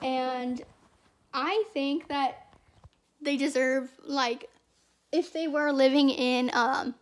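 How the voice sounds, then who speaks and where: A woman's voice: high voice, fairly even intonation, takes it slowly. A young woman giving casual, rambling fan commentary as a channel host, chatty and prone to repeating herself.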